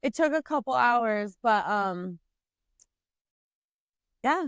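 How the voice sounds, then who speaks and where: A woman in her twenties co-hosting a podcast, telling a story in casual, animated chat and swearing freely. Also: on the high side, takes it slowly, clean tone, no room sound. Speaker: podcast co-host.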